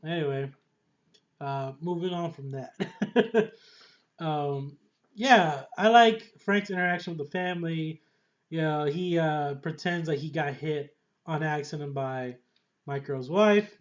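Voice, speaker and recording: A man casually reviewing a TV series in a rambling, excitable way, often laughing and trailing off with fillers. The recording is dull and lo-fi. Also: fairly high pitch, slow pace. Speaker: TV show reviewer.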